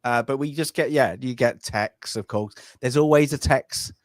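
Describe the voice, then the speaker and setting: A man's voice: mid-range voice, normal speed, dry recording, clean studio sound. A man from Britain co-hosting a podcast, chatting casually about a film, rambling with many fillers and restarts. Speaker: podcast co-host. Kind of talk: casual film review chat.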